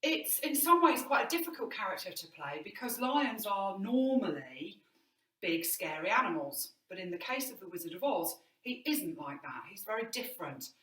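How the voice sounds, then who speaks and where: A woman's voice: mid-range voice, big pitch swings, normal speed, a bit bright. A woman drama teacher giving an online movement lesson indoors, encouraging and demonstrating as she explains. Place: indoor room. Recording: roomy, mic at a distance.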